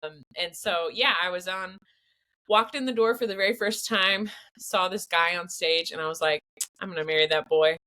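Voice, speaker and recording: A young woman hosting a podcast, chatting in an expressive, storytelling way. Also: mid-range voice, normal speed. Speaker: podcast host. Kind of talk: casual chat.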